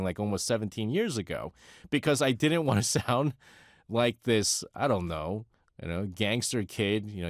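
A man in his forties with a New York accent, chatting casually as a radio host, animated and talkative, often laughing and correcting himself. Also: on the low side, no room sound, clean studio sound. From United States. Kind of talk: casual radio talk, answering a listener letter.

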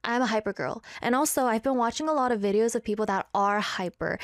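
A woman's voice: on the high side, fast talker, few pauses, dry recording, studio quality. A young woman casually chatting on a live stream, reading viewer comments aloud and shifting her voice playfully as she talks. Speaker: livestream host.

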